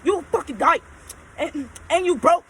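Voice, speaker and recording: A woman's voice: extremely high pitch, normal speed, a bit bright, a little hiss or hum, voice pushed up. A woman quoting an angry young male coworker in a hostile, dismissive way.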